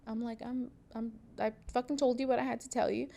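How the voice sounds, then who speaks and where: A woman's voice: a little high, fairly even intonation, fast, vocal fry, warm tone. A young woman hosting a podcast from a sewing studio, telling a story in a casual, profane way and acting out what people said. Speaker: podcast host, seamstress.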